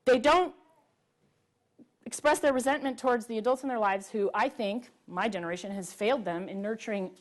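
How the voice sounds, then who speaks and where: A middle-aged woman giving an earnest, emphatic public talk to a live audience, pausing on rhetorical questions. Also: fairly high pitch. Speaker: public speaker. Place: library event room with audience.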